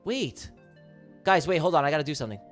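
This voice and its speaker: Brash, excitable man with a high, lively voice. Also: fast, soft background music. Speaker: day trader hosting a livestream. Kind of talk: live trading stream chat.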